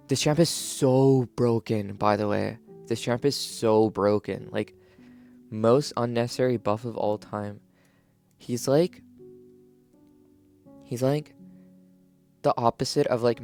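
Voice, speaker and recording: A man's voice: on the low side, a little mellow. A man giving casual, rambling commentary on game patch notes in his just-woke-up morning voice, filling his talk with "like". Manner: rambling, heavy use of "like", frequent restarts. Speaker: video creator reviewing game patch notes.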